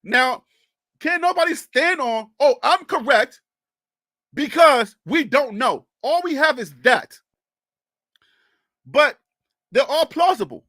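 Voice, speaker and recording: A man hosting a casual sports talk livestream, passionate and loud about his team, speaking into a close mic on a pole. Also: very high-pitched, expressive, takes it slowly, pauses often, no room sound. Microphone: mic on a pole close to mouth.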